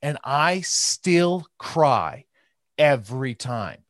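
A man's voice: medium pitch, animated, drawn-out words, no room sound, clean studio sound. A man in his thirties in casual podcast chat, rambling and emphatic and tagging his points with "okay?".

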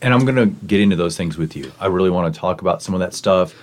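A man hosting a podcast interview, asking thoughtful questions in a measured, reflective way. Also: sits low. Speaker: podcast host.

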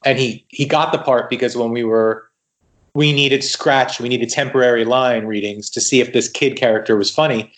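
A man guesting on a podcast tells stories in a casual, lively way. He acts out the quoted dialogue and often restarts a sentence mid-thought. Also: medium pitch, moderate pace. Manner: animated retelling with quoted dialogue and frequent restarts. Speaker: guest writer. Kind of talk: casual storytelling in a podcast interview.

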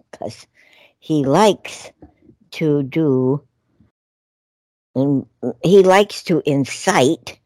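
A woman's voice: extremely low pitch, warm tone, dry recording. A woman co-hosting a radio talk show, telling a story in a meandering, chatty way with many fillers. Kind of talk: casual radio chat.

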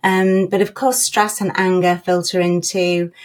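A woman's voice: fairly low pitch, flat delivery, unhurried. A woman from northern England, a psychologist guest on a podcast, explaining things thoughtfully with fillers. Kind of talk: podcast interview.

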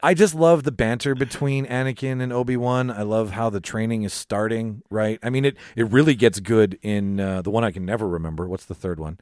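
Man, podcast co-host, animated, swears, lowish voice, dry sound. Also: a little fast, hardly any pauses, dry recording. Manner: animated, swears freely, laughs often. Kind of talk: casual chat.

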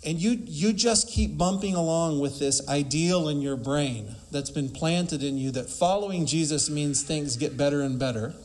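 A man's voice: on the high side, moderate pace, few pauses, darkish tone. A man preaching a sermon emphatically, asking rhetorical questions and quoting scripture.

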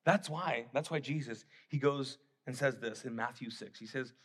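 Male pastor, from the Middle East, husky voice, conversational and emphatic sermon delivery. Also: medium pitch, moderate pace, fairly bright tone.

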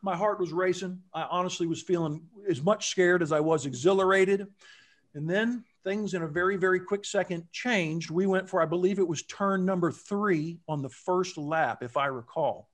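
Animated high-voiced man telling a story. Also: normal speed. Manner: animated, acts out quotes with big pitch jumps. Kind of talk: casual storytelling.

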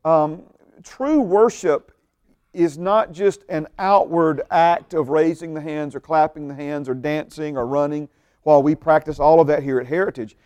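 A man's voice: fairly high pitch, normal speed, darkish tone, clear, resonant tone. A man preaching a sermon as pastor, emphatic, often repeating words and checking in with the congregation. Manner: emphatic, repeats words, asks the audience questions.

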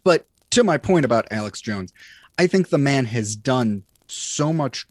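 A man's voice: mid-range voice, animated, unhurried, no echo. Young man chatting, dry close mic. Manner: rambling, lots of fillers and restarts. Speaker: podcast co-host. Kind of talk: casual chat.

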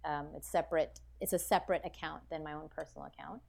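A woman's voice: deep voice, fast, creaky. An American woman guest on a podcast, talking in a casual, reflective way with lots of "like" and restarts. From United States. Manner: animated, reflective, full of "like" and restarts. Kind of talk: casual interview chat.

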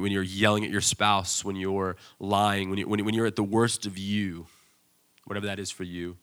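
A man with a lowish voice preaches a sermon as pastor. He tells his stories in an animated way, bursting out loudly and excitedly when acting out scenes.

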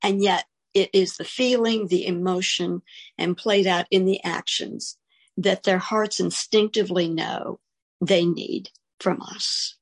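A middle-aged woman hosting a conversation, telling stories and becoming animated when she quotes others. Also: fairly low pitch, a little slow. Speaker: host. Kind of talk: hosted conversation.

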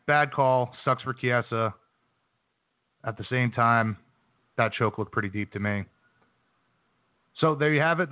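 Male radio host, brash sports-talk delivery, thin lo-fi phone sound, no room echo. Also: mid-range voice. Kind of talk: sports news recap and interview. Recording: dry phone-quality line.

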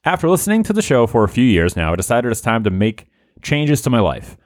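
Guy hosting a podcast, reads out listener scripts, cracks up a lot, super animated. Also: medium pitch, fast, no echo, studio quality. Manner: laughs often while reading. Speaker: podcast host. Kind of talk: reading listener-written comedy scripts aloud.

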